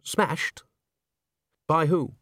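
A man voicing a fussy, excitable middle-aged businessman who stammers and blusters when worried. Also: a little high, very slow, no room sound, studio quality, voice pushed up, full character voice. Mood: alarmed.

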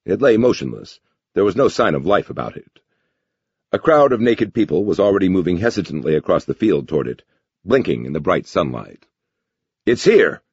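A man narrating an audiobook with lively, expressive storytelling in a dull lo-fi recording. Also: deep voice, a little fast, husky, no room sound.

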